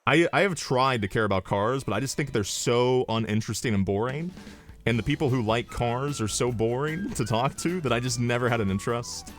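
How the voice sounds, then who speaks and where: With soft music playing behind him, a male streamer speaks briskly in a mid-range voice. It's casual storytelling chat, rambling, loaded with swearing and his own laughter at his jokes.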